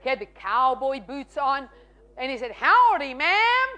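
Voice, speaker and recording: A woman with a high, bright-sounding voice shares her faith testimony on a talk show. She tells it with lively energy, slipping into the voices of the people in her story. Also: moderate pace. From South Africa. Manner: lively, acts out quoted dialogue. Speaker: guest sharing testimony.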